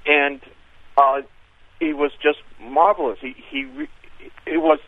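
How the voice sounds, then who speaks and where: A man's voice: fairly high pitch, sing-song, a little slow, gravelly. A man calling in to a radio show, talking hesitantly with many fillers. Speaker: caller. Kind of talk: radio call-in. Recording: tinny phone line.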